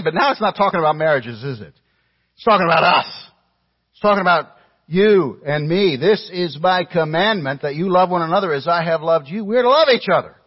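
A man's voice: fairly high pitch, slightly rough, dull audio. A male pastor preaching a sermon to his congregation, emphatic, posing pointed rhetorical questions and speaking directly to the people in the room.

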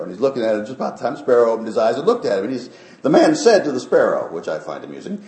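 A male pastor preaching a sermon emphatically, often sinking to soft, low phrases. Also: very animated, very fast. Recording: echoey room.

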